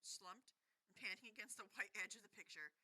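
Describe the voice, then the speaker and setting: A woman's voice: mid-range voice, fairly quick, bright, forceful tone, low-quality recording. A woman reading a novel aloud for an adult book club, breaking into laughing banter. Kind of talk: casual read-aloud with commentary.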